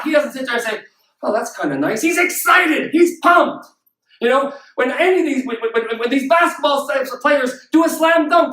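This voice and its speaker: High-voiced energetic older man motivating. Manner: energetic and emphatic, with rhetorical questions. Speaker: motivational speaker. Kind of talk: motivational talk. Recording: echoey room, voice from far off the mic.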